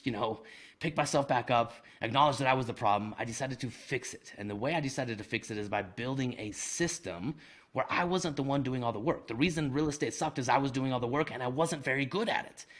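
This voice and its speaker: A man telling a personal story as a podcast guest, animated and self-deprecating, with casual slang like "man" and "dude.". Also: medium pitch. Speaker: guest, real estate investor. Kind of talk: conversational storytelling.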